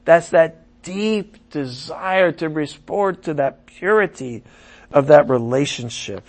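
Male preacher giving a sermon, somewhat high voice, animated, jumps between punchy emphasis and quiet asides. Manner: animated, swings from loud emphasis to muttered asides.

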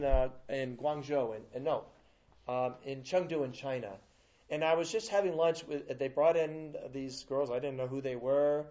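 A man giving a sermon, telling a story with frequent restarts and big swings between loud and soft. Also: medium pitch, dull audio. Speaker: preacher.

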